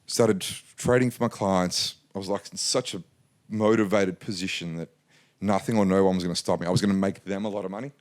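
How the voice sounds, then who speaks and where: Businessman guest in his forties from Australia, low voice, animated anecdotal delivery. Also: a little fast. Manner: animated anecdotal, acts out quotes. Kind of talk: casual storytelling interview.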